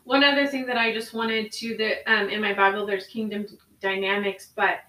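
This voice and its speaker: A woman's voice: medium pitch, little pitch movement, normal speed, bright, forceful tone, recorded from a distance. A woman co-hosting a podcast, sharing a devotional thought and then praying aloud in an earnest, repeating way. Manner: earnest, prayerful, repeats phrases. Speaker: podcast co-host. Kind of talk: spoken prayer and devotional talk. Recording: echoey room, voice off-mic.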